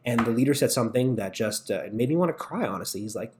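A man from Canada, a guest on a podcast, talking fast and emphatically about leadership and asking rhetorical questions. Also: mid-range voice, expressive, background noise. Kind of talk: casual podcast conversation.

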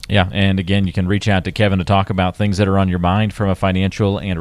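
A man's voice: deep voice, steady tone, fast, hardly any pauses, no echo. A man hosting a financial talk show, reading promotional lines and posing questions to his guest in an upbeat, conversational way. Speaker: show host.

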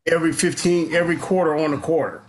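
A man in a casual podcast chat, reminiscing in a relaxed way with hesitant ums. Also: on the high side, quick pace, a little hiss or hum.

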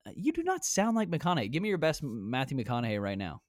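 This podcast host, a man in his twenties, records virtually from home on a headset, teasing brashly and swearing freely in casual chat. His mid-range voice swoops wildly in pitch as he talks fast, captured in clean studio sound without echo.

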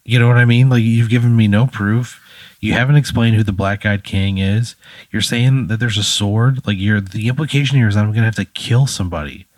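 A man's voice: lowish voice, fairly even intonation, a little fast, no room sound. Sarcastic man playing along, dry sound. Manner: incredulous, sarcastic, swears. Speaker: player. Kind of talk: casual banter in a tabletop game.

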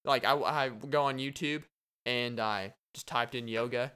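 Young male podcast host, casual solo chat, smooth voice, animated and rambling. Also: medium pitch, measured pace.

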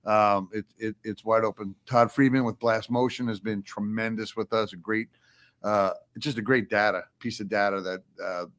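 A man's voice: fairly low pitch, moderate pace. A man hosting a podcast in a studio, talking in a casual, joking way with his guests. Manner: joking, animated banter. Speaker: podcast host. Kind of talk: casual chat.

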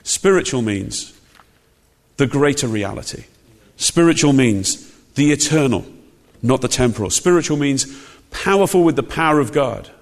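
A man's voice: mid-range voice, expressive, moderate pace. A man preaching a sermon, emphatic and conversational, with frequent rhetorical questions. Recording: long hall reverb.

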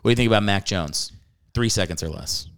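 A man's voice: fairly low pitch, expressive, a little fast, a bit bright, smooth. A man co-hosting a casual sports chat, teasing and moving the segments along. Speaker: podcast co-host.

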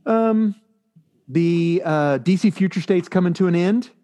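A man's voice: sits high, measured pace, mellow. A man co-hosting a podcast, chatting casually and rambling through stories with lots of fillers. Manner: rambling, filler-heavy storytelling. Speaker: podcast co-host reviewing comics. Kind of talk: casual chat.

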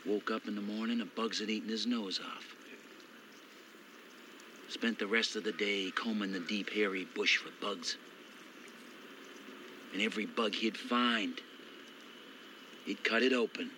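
An actor playing a hardened male soldier who tells a grim war story in a low, measured way, from a television horror episode. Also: steady tone, pushed and bright, slight background noise, rough recording. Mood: grim, sardonic.

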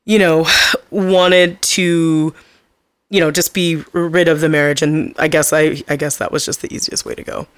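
A young woman with a lowish voice chats casually as a podcast co-host, retelling a film plot in loose, meandering sentences packed with "you know" and "like." She laughs easily, and her voice sits close and dry with no room sound. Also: normal speed, no echo. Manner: rambling, filler-heavy, laughs often. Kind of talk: casual chat, recapping a movie.

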